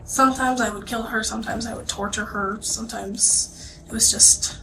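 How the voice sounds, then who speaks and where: A tired young woman answering questions in a police interview, soft and hesitant, often trailing into near-whispers. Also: on the high side, steady tone, moderate pace, vocal fry, over music. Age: young adult. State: exhausted. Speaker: suspect being questioned. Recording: distant, noisy interview-room recording.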